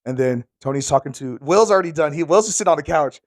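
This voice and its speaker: A man in a band telling a funny studio story in casual chat, animated, laughing and swearing. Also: a little high, fast talker, dry recording. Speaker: band member.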